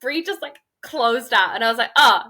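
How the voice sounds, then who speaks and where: Bright young woman, relaxed podcast chat. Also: a little high, moderate pace. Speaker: podcast co-host. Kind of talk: casual chat.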